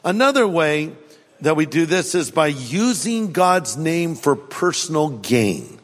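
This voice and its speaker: A male pastor delivering a sermon in a fairly high voice, full of humor. He keeps acting out ordinary people in quick asides. His voice carries a long reverb, as though he is in a large hall. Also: very animated, soft background music.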